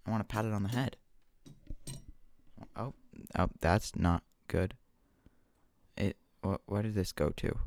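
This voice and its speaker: A man's voice: fairly low pitch, darkish tone. A man rambling casually on his own show, goofy and self-mocking, talking at home into a desk microphone. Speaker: solo podcaster. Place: home room with washer and dog. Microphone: desk mic with gain control.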